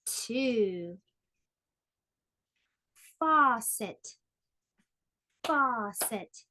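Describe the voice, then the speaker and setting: A woman teaching small children online, with a bright, slightly high voice. She speaks slowly and in a sing-song way. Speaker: pre-K teacher. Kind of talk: online preschool lesson.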